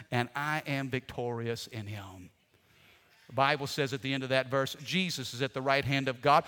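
Man, pastor, lively sermon, call-and-response, high-pitched, long reverb in a church. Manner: energetic preaching with call-and-response and shouted refrains.

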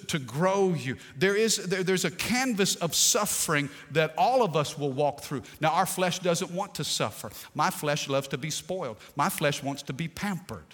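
Guy pastor preaching, kinda high voice, jokey asides, big church echo. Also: a bit bright. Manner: preachy call-and-response, playful asides. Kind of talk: sermon. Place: church sanctuary. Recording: long hall reverb.

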